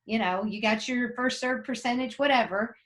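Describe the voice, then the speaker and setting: A woman's voice: fairly high pitch, normal speed, a bit bright, low-quality recording. Plainspoken woman coach giving advice. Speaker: tennis coach and tennis parent. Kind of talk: casual interview talk.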